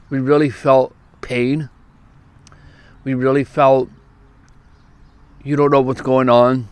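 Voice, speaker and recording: A man from California, a youth preacher, telling a story to camera outdoors at a park, lively and quick, acting out what others said. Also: mid-range voice, no echo. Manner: lively, quick bursts, acts out quoted lines.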